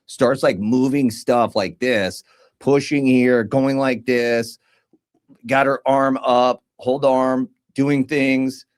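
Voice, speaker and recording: A male podcast co-host speaks smoothly and slowly in a mid-range voice. Telling a story in relaxed slang, he stays animated and acts out what others said.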